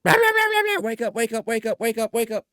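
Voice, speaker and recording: Man mocking a nagging woman, shrill, high, insistent. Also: sing-song, quick pace, sharp tone, clean tone, no room sound, studio quality, heavily acted. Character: nagging shrill woman shouting in a man's ear.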